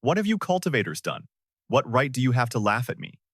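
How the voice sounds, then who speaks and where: A man's voice: mid-range voice, very animated, a little fast, fairly bright tone, breathy edge, dry recording, studio quality. A man voicing a proud male tycoon who answers with contempt. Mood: defiant. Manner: defiant, contemptuous.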